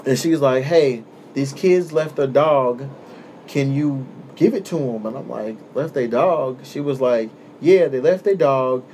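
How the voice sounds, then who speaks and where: A young man hosting a podcast who tells a story in a relaxed, casual way, swearing often and acting out the voices of the people in it. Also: mid-range voice, unhurried, a little hiss or hum. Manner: laid-back, swears often, acts out quoted voices. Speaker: podcast host.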